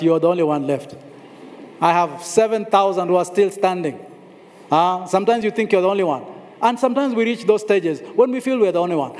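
A man's voice: sits high, a little mellow. A man preaching a sermon, telling the story dramatically, acting out the voices and repeating phrases for emphasis. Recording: long hall reverb.

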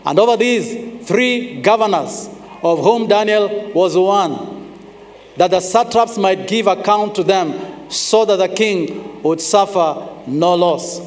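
A man preaching a sermon. He is emphatic, slows down on scripture and calls on the congregation to respond. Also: sits high. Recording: long reverb of a large hall.

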